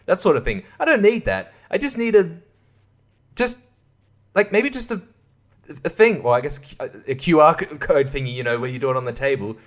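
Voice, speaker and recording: A young man hosting a solo podcast, rambling, swearing and laughing, sliding from mumbles into loud outbursts. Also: on the high side. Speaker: podcast host.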